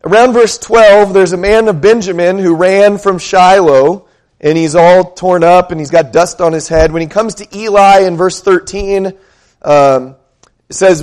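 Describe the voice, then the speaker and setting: A man's voice: high voice, normal speed, a little mellow. A male pastor preaching a sermon, retelling scripture with conversational, dramatic storytelling and questions for the congregation.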